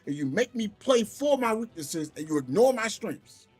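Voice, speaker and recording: A man streaming from home, telling a gaming story in an animated, exasperated way. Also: high voice, moderate pace, husky, faint music behind. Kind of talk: casual livestream rant.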